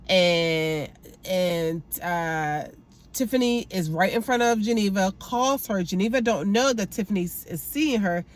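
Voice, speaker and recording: Woman, sassy TV recap host, exasperated asides, casual review. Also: medium pitch.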